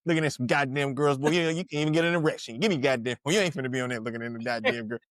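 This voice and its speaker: A man voicing his own strict, protective mother as she scolds her son, swearing and firing off rapid questions. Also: low voice, animated, no room sound. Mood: scolding.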